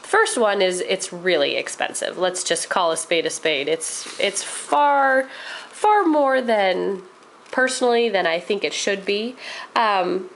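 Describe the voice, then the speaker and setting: A woman's voice: fairly low pitch, normal speed, fairly bright tone, slight background noise, poor audio. A woman vlogger chatting casually as she shows her craft project, rambling a little with frequent ums. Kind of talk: casual show-and-tell.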